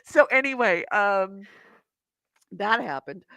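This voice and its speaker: A woman co-hosting a casual gaming podcast over a call, animated and swearing freely as she tells stories. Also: mid-range voice, takes it slowly. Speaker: podcast co-host. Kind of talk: casual chat. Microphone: remote call mic with echo cancellation.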